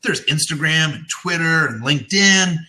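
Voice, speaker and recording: Middle-aged male coach, bright and slightly high voice, animated storyteller. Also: normal speed. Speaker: business coach hosting a live web show. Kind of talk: casual teaching talk with anecdotes.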